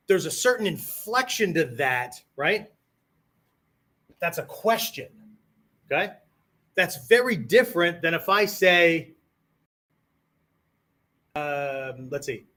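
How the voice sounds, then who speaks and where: A man teaches martial arts in a loose lecture style, and his voice sits a little above the usual male pitch. He keeps asking "right?" and "okay?" as he talks and now and then acts out different tones of voice. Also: expressive, measured pace, pauses often, a bit bright. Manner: conversational, peppers sentences with "right?" and "okay?"; demonstrates tones of voice on quoted phrases.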